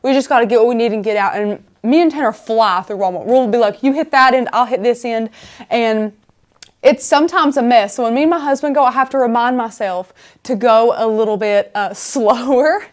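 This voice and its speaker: A woman's voice: a little high, fairly quick. A woman hosting a casual craft live stream, chatty and rambling as she talks viewers through the steps.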